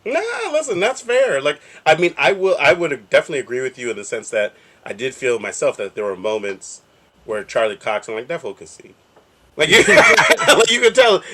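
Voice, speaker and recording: A man whose pitch rises and falls a lot as he talks, co-hosting a podcast in a relaxed, conversational way. He speaks at a mid pitch and leans on easy slang. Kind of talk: casual chat.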